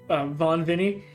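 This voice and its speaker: A man acting as game master who chats casually and then calmly lays out plans for the campaign. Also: on the high side. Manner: easygoing, methodically laying out plans. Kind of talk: casual chat.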